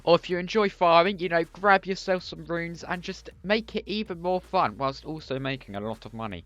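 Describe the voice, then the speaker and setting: A man's voice: medium pitch, a bit bright, no echo. A young man giving Minecraft money-making tips in a playful, self-mocking chatty video, often turning aside to tease his viewers. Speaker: Minecraft YouTuber. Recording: dull, lo-fi and dry.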